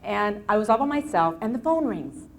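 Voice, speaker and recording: A woman lecturing on anxiety at a live seminar, telling case stories in an animated way with frequent restarts. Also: mid-range voice, normal speed, slight background noise. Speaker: anxiety self-help lecturer. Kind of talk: live motivational seminar talk.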